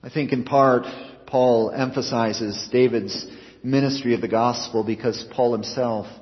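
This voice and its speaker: A man preaching a sermon as pastor, earnest, his voice rising for emphasis and sinking low at the ends of phrases. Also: steady tone, measured pace. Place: church. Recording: dull reverberant church recording.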